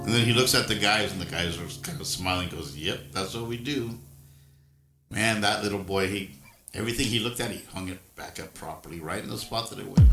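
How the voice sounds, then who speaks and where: Low-voiced grandfather telling a folksy story. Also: expressive, normal speed, a bit bright, roomy sound, soft background music. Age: older. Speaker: livestream host. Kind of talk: casual storytelling chat.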